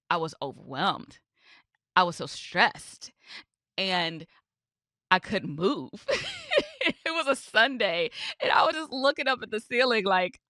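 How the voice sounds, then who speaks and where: A woman's voice: lowish voice, pushed and bright, dry recording, clean studio sound. A woman who hosts a podcast as a reverend, telling a personal story in a candid, conversational way with casual asides. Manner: candid, conversational, with frequent "you know" asides.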